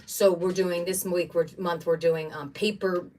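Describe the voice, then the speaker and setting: A woman's voice: fairly low pitch, fairly even intonation, measured pace, darkish tone, far from the mic. Chatty woman rambling over her crafts. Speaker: craft livestream host. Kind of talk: casual chat while unboxing craft supplies.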